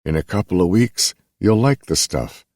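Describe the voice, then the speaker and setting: A man voicing a proud, grinning male prison guard who talks in a cheerful, teasing way, pitched higher than his own deep voice. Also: lively intonation, normal speed, darkish tone, dry recording, clean studio sound.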